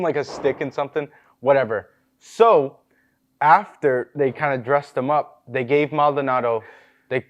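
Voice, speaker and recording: A young man, a podcast guest, telling boot camp stories in relaxed casual chat, laughing often and swearing easily. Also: mid-range voice, dull audio.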